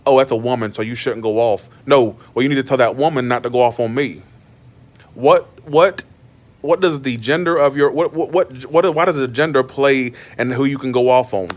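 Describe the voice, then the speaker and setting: A man hosts his tarot channel in a loose, livestream rant. He is blunt and emphatic, and he hammers his point home by repeating phrases. His voice sits at an everyday middle pitch. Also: moderate pace.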